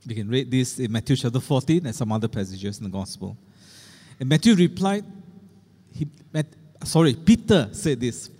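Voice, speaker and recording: A man's voice: mid-range voice, expressive, normal speed, warm tone, breathy edge. A middle-aged man preaching a sermon as pastor, earnest and emphatic as he quotes scripture. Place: church. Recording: long church reverb.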